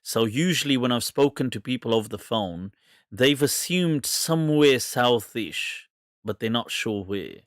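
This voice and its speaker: A British man hosts a live question-and-answer stream in a loose, rambling way, breaking into laughter again and again. His voice sits at a middle pitch. His accent is hard to place, and the sound is dry, with no room echo. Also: animated, measured pace. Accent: mixed British English, hard to place. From England. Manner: chatty, laughs often, rambling asides. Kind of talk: casual live Q&A chat.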